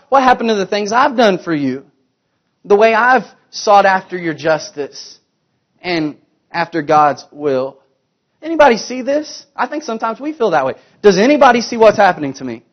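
High-voiced man preaching with rhetorical questions. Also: dull audio. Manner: rhetorical questions, emphatic swings from loud to hushed. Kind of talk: sermon.

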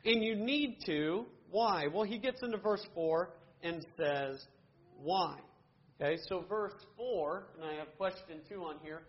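A man's voice: high-pitched, a little slow, muffled recording. A man teaching a Bible study class, earnestly asking questions and answering them himself, with frequent restarts.

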